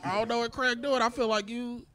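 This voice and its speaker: A man in his thirties doing a casual, joking stand-up set with a light, high voice. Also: steady tone, brisk, bright, forceful tone, a little hiss or hum. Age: 30s. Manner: high light voice, loose and joking, swears a lot. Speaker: stand-up comedian. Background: small crowd laughing.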